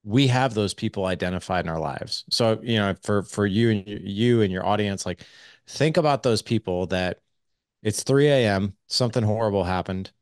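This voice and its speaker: A man in his forties speaks as a parenting coach on a podcast, casual and animated, often slipping into quoted dialogue. His voice sits very low. The sound is close and dry, with no room around it. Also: moderate pace, dry recording. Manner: energetic, acts out quoted dialogue; casual, swears lightly. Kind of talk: casual interview conversation.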